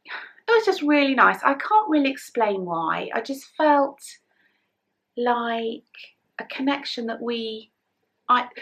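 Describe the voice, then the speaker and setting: A woman's voice: on the high side, gravelly. A middle-aged English woman chatting to camera in a casual knitting vlog, emotional and close to tears, her voice often dropping to a whisper. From England. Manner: chatty, emotional, soft-spoken, drops to whispers. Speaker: knitting vlogger.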